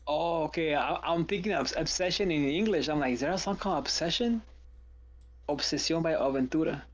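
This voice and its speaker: A man's voice: a little high, brisk, muffled recording. A man chatting casually on a live stream, rambling through asides and reading jokes out.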